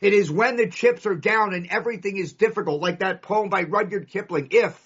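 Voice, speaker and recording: A Californian man gives an emphatic, storytelling share to a live recovery meeting, hammering his points home with punchy lists. His husky voice sits high and moves a little fast, captured in a dull lo-fi recording.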